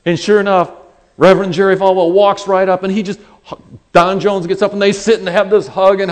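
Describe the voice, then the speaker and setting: A man preaching a sermon, conversational and animated, telling a personal story and acting out quoted voices. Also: high voice, normal speed.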